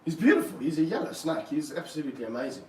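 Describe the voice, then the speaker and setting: A man with a fairly high voice talks through a live stream while handling a snake, swinging from excited bursts to low muttering. He sounds far from the mic in a roomy indoor space with a faint hum behind. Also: rapid-fire. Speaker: snake keeper. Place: room of snake enclosures, indoors.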